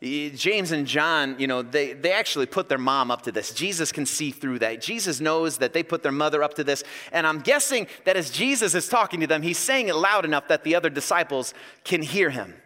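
A man preaching a sermon, an animated, joking storyteller. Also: a little high, a little fast, in a large hall. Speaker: pastor.

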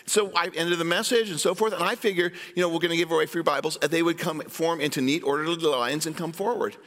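Brief: male pastor, fifties or older, storytelling sermon in a reverberant sanctuary, high voice. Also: fast. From Iowa, US. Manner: storytelling preacher, animated asides to the congregation. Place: church sanctuary. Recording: long hall reverb from a church sanctuary.

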